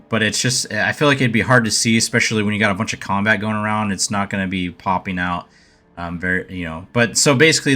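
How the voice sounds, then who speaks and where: A man's voice: lowish voice, pushed and bright. A man casually walking through a game update over his slides, hesitant and thinking aloud as he goes. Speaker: gaming video creator.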